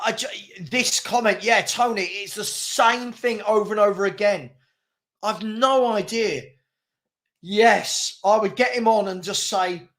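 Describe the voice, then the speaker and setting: A fairly high-voiced man talks over a live match as a fan host. He is exasperated and chuckling, calling the play and answering his chat. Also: a bit bright. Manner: exasperated, laughing, reading chat aloud. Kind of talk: live match watchalong commentary.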